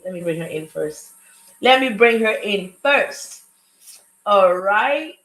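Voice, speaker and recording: A woman's voice: medium pitch, lively intonation, slow pace, a bit bright, echoey room, low-quality recording. A woman with an African accent hosting a live talk show, greeting viewers and a guest with effusive energy. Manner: exuberant, effusive welcomes. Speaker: host. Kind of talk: upbeat live show chat.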